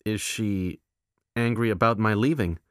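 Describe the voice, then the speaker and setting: A man's voice: fairly low pitch, a little slow, clean tone, no echo, clean studio sound, close to an everyday voice. A man voicing a concerned adult man who talks earnestly and coaxingly, in a storybook reading.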